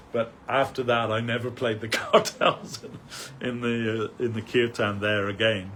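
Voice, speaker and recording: Speaking unhurriedly in a medium-pitched, fairly bright voice with a level tone, an older man shares rambling anecdotes in a remembrance talk as a devotee speaker at a temple festival. Fillers, restarts, and chuckles abound, and there's slight background noise.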